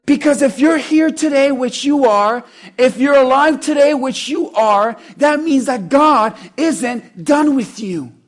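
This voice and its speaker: High-voiced man preaching a sermon. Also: a little slow. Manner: builds from quiet asides to loud urgent preaching; conversational, quotes scripture in voices.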